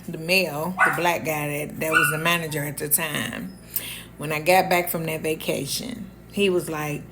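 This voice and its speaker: A woman's voice: sits low, creaky, a little hiss or hum. A woman telling a candid storytime monologue, acting out the dialogue as she goes. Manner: candid, animated, acts out quoted dialogue. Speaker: storyteller vlogger.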